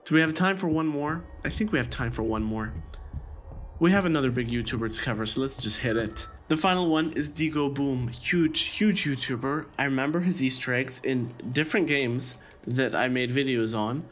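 A man giving casual, excitable commentary while playing a video game, chatting to viewers and squealing when surprised. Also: medium pitch, moderate pace. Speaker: gaming YouTuber.

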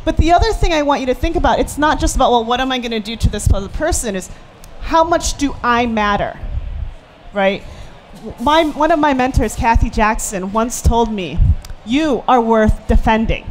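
A woman's voice: on the high side, slight background noise, poor audio. A woman speaking on a panel, earnest and emphatic. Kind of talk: panel discussion.

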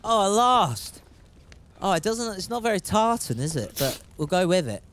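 A man's voice: high voice, big pitch swings, a little fast, a little hiss or hum. A man chatting and joking as he streams a game, laughing often. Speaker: gaming streamer. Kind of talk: casual live gameplay commentary.

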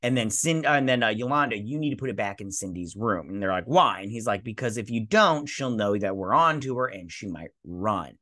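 A man's voice: lowish voice, animated, brisk, hardly any pauses, pushed and bright, no room sound, clean studio sound. A man hosting a casual episode recap and review, sarcastic and crude, laughing as he acts out the characters' lines. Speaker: host.

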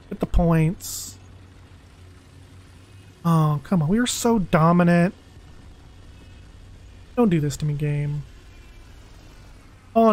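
A young man streaming a video game, talking casually and excitably, pleading with the game and groaning dramatically over a loss. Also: fairly high pitch. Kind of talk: casual live-stream commentary.

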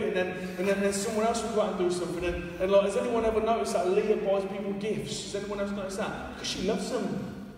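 A man's voice: high-pitched, fairly even intonation, fast talker, a little mellow, a little hiss or hum. A man preaching a casual, joking, self-deprecating sermon in a church. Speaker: evangelist preacher. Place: church hall. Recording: echoey hall, far from the mic.

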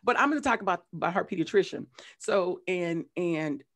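A woman's voice: fairly low pitch, fairly quick. A woman hosting a casual conversation, telling stories animatedly with frequent restarts and repeated words. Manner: animated storytelling with frequent restarts and acted quotes. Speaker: host.

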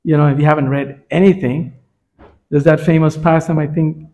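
A man's voice: a little high, flat delivery, moderate pace, a little mellow, dull audio. A man teaching a scripture class in a temple, in a conversational way that keeps checking in with his listeners. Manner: frequent "right?" check-ins with listeners.

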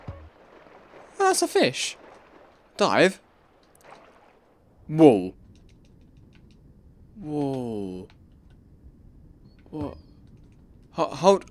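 A young man rambling through let's play commentary, breaking into sudden excited yelps and repeated pleas. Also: mid-range voice. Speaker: gaming channel host.

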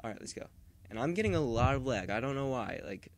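A man giving casual, rambling gameplay commentary who yells and panics when startled. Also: medium pitch, expressive, fast talker. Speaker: gaming video host.

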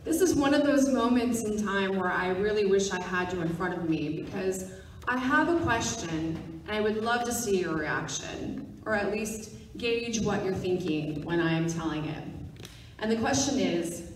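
A woman's voice: mid-range voice, expressive, moderate pace, slight background noise. Casting: woman deacon preaching a conversational homily, distant mic in a reverberant church. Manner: chatty, speaks directly to viewers at home. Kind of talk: conversational sermon. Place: church sanctuary. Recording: echoey church from far off.

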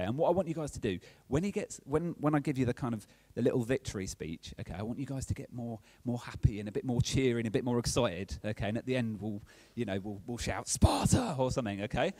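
Animated preacher, lively pitch. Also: male voice, quick pace, few pauses, no room sound. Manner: chatty and playful, keeps checking in with the audience. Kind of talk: sermon.

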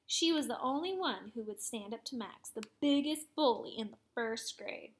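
Storybook reader: a woman with a fairly high voice and an animated read-aloud style. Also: normal speed. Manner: lively, expressive storytelling. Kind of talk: reading a children's chapter book aloud.

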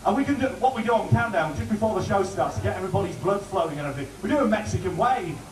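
A man doing joking warm-up patter for a TV studio audience. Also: sits high, very fast, far from the mic, music in the background. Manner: chatty, joking, lively. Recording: roomy studio heard from afar with audience.

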